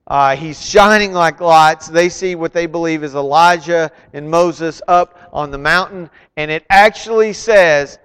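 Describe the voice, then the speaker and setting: A man preaching a sermon, retelling scripture dramatically and swinging between loud emphasis and hushed asides. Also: high voice, smooth. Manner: dramatic, voices the figures in the stories he retells. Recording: long hall reverb.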